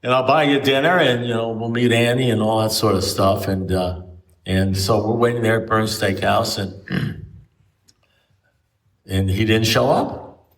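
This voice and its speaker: At a recovery group meeting, a man's storytelling wanders from anecdote to anecdote with frequent restarts. His fairly low voice has fairly even intonation, a slightly slow pace, and frequent pauses. The mic is distant in the meeting room.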